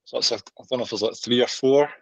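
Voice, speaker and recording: A man's voice: mid-range voice, fast talker, vocal fry, breathy edge, dry recording, rough recording. A Scottish man hosting a running podcast, steering the talk with questions. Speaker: podcast host. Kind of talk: casual chat.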